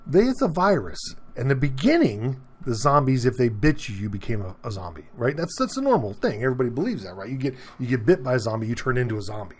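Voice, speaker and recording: A man talking casually to camera, rambling and repeating himself, often asking "okay?" and getting animated, with his pitch jumping up as he gets worked up. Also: quick pace, hardly any pauses, a little hiss or hum. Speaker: vlogger. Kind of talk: casual opinion monologue to camera.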